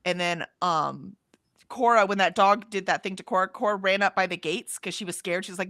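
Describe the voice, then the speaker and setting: A middle-aged woman talks on a live stream at a middle pitch, close to a dry mic with no room sound. She tells stories in an animated way, with plenty of ums and "right?", and voices the people in them. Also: fast talker, no echo. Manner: animated storyteller, acts out quotes, frequent ums and rights. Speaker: co-host of a writing sprint stream. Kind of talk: casual chat.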